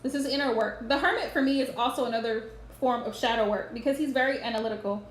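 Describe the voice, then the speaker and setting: A woman's voice: on the high side, fast. A woman giving a live-streamed tarot reading, earnestly advising viewers and often repeating her points. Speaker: tarot reader. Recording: roomy echo with faint background noise.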